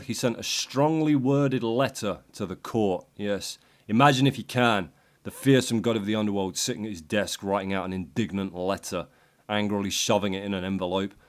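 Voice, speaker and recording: A man narrating a myth as a crude, sardonic comic story. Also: on the low side. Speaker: host.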